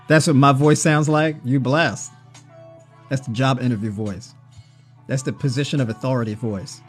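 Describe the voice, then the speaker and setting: A man of middle pitch hosting a livestream on a personal mic. He talks in a loose, joking, conversational way and keeps checking in with "right?" and "you know". Faint music plays quietly behind him. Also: steady tone, normal speed, slightly rough. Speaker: livestream host. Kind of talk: casual livestream chat on diet.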